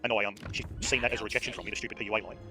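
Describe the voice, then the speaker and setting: A man's voice: on the low side, little pitch movement, rapid-fire. An Australian man telling a casual story while streaming a game. He rambles, swears freely and leans on fillers. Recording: game music playing underneath. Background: game music.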